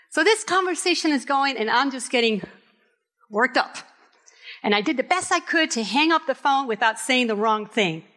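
A middle-aged woman pastor from Puerto Rico, preaching a candid sermon with personal stories and emphatic, drawn-out phrases. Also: fairly high pitch, bright, forceful tone. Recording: reverberant hall.

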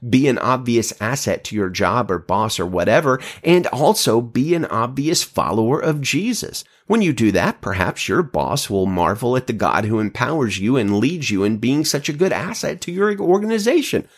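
Guy teaching a bible devotional, really animated pitch, emphatic and kinda wry. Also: normal speed, hardly any pauses. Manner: emphatic, enthusiastic, wry asides.

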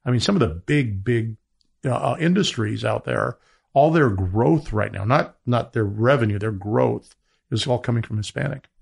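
A man talking as a guest in a business interview, rambling with many restarts as he makes his pitch. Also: animated, normal speed, creaky, husky. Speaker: media entrepreneur guest.

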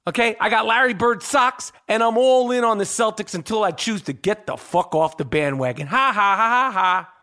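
A man's voice: sits high, fairly quick, few pauses, a bit bright. A man hosting a sports podcast and reading an ad, talking in a brash, profane, rambling way that keeps checking in with "okay?". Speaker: podcast host. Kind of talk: sports talk and host-read ad.

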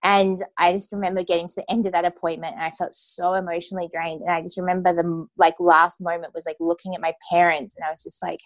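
A woman's voice: lowish voice, flat delivery, quick pace, hardly any pauses, no room sound. A young woman candidly telling her own story in a conversation, with many casual fillers.

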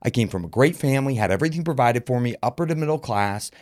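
A man's voice: mid-range voice, lively intonation, fast talker, dry recording, studio quality. A man from Utah, a podcast guest, telling his story frankly with lots of filler words. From Utah, USA. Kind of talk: candid personal storytelling.

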